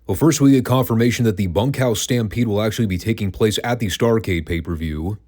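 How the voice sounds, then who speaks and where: A man with a very low voice talks through a casual retro review. His delivery is dry and sarcastic. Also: fairly quick, mellow. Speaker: wrestling podcast host.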